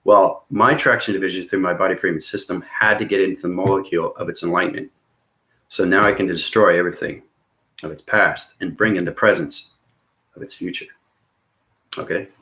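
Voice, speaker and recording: Low-voiced man rambling earnestly to viewers. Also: steady tone, fairly quick, sharp tone. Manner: keeps checking in with "okay?" and "right?"; intense and earnest. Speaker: spiritual vlogger.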